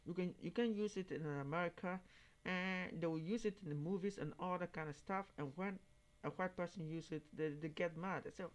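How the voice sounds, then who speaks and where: Man, reaction host; halting, word-searching English, turns emphatic. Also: high voice. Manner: halting, searching for words, then emphatic and raised when quoting others. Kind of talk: casual monologue commentary.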